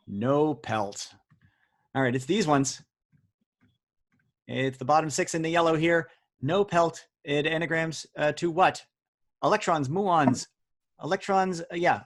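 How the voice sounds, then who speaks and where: Quiz host, male, slightly higher voice, jokey and teasing, heard over a video call. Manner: joking, teasing, chatty. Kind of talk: hosting a live online word quiz. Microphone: video call audio.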